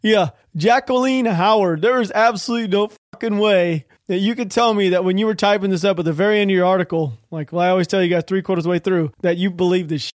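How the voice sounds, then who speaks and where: High-voiced ranting podcast man. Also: fairly even intonation, fast, hardly any pauses, no echo, clean studio sound. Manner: ranting, sarcastic, swears freely, laughs at news. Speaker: podcast host. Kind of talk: solo political podcast commentary.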